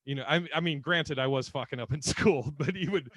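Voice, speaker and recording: A man's voice: a little high, brisk, a bit bright, dry recording. A man co-hosting a podcast in casual comedic chat, joking, swearing freely and laughing often. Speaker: podcast co-host.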